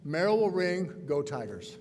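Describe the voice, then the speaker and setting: A man's voice: a little high, sing-song, a little slow, crowd noise. A man giving a ceremonial commencement speech, emphatic and returning again and again to the same refrain. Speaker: commencement speaker. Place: large hall. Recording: reverberant hall, faint background noise.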